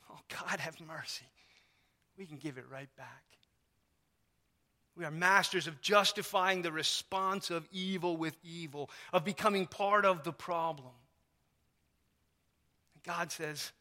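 A man's voice: high-pitched, measured pace, bright, forceful tone. A man preaching a sermon as pastor in a church, in an emphatic, conversational way with lots of repetition. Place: church sanctuary. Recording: long reverb of a church hall.

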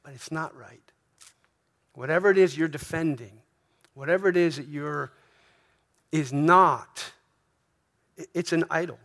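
A man's voice: fairly high pitch, measured pace, pauses often, a bit bright. A middle-aged man preaching a sermon in an earnest, conversational way, often asking "right?" and restarting his phrases. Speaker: pastor.

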